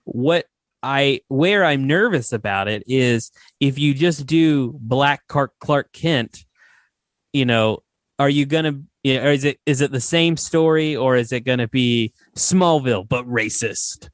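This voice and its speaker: A man's voice: medium pitch, a little slow, no echo, clean studio sound. A man hosting a podcast, chatting casually and giving opinions with lots of fillers. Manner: relaxed, opinionated, many fillers. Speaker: podcast host. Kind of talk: casual chat.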